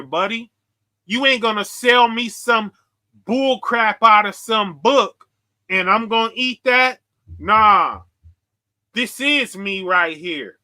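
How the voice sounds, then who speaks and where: A man preaching forcefully to his viewers, confrontational and full of slang. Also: sits high. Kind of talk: street preaching livestream.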